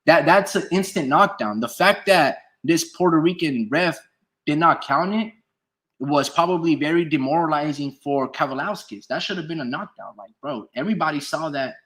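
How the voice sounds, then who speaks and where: Bright-voiced man arguing with chat. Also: fairly high pitch, lively intonation, moderate pace. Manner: heated, profane, argues with chat; reads chat comments aloud and answers them. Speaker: boxing commentator streamer. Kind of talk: casual live-stream commentary.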